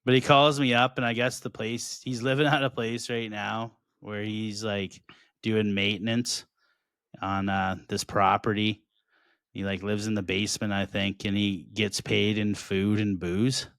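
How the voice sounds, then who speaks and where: A man with a lowish voice trades stories on a comedy podcast, swearing freely and breaking into laughter. The sound is close and dry, with no room around it. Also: little pitch movement, unhurried, gravelly, a bit bright, no echo. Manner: profane storytelling, laughs often. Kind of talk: casual chat.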